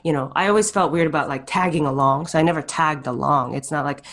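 A woman hosting a casual interview, easygoing and self-deprecating, often chiming in with quick agreements. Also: low-pitched, fairly bright tone. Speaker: interviewer host.

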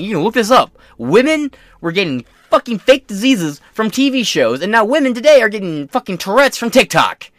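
A man's voice: sits high, a bit bright, no room sound. A man hosting a podcast, ranting bluntly with constant swearing and mocking asides. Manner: blunt, crude, heated, mocking. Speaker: podcast host. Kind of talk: profane opinion rant.

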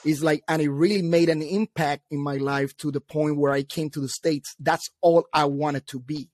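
A man, a military veteran, chatting casually and telling lively stories, acting out the people he quotes. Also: a little high, normal speed, no echo, studio quality. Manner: animated storyteller, quotes people in voices. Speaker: veteran guest. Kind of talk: casual chat.

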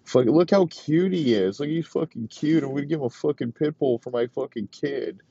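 A man's voice: mid-range voice, moderate pace, creaky, warm tone, husky, no echo, voice pushed up. A man doing a gushing crude dad. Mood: mocking. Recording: dull lo-fi recording.

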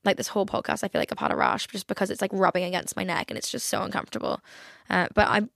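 A woman's voice: medium pitch, racing, creaky, fairly bright tone, no echo, studio quality. A young woman in her twenties hosting a podcast, chatting casually with lots of fillers and casual swearing. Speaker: podcast host. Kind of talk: casual solo chat.

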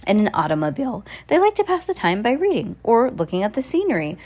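A woman's voice: on the high side, huge pitch swings, quick pace, a little mellow, husky. A woman reading a novel aloud at home into a phone, chatty and casual, stumbling over words and correcting herself. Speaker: reader.

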